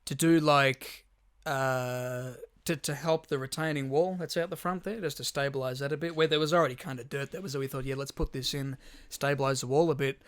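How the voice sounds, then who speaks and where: A man's voice: mid-range voice, fairly even intonation, brisk, few pauses, clean tone, no room sound. A young man co-hosting a podcast, telling rambling, sweary stories in casual chat. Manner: rambling storyteller, lots of swearing and restarts. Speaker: podcast co-host.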